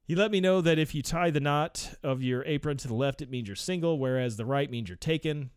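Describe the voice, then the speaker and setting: A man's voice: on the high side, brisk, clear, resonant tone, no echo, studio quality. A young man casually reading an article aloud and breaking off into rambling, profane asides with frequent laughter.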